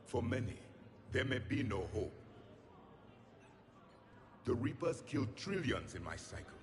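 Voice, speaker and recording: An actor playing a proud, scornful ancient alien soldier who speaks in a grave, measured, condescending way. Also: male voice, medium pitch, big pitch swings, crowd noise. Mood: rousing.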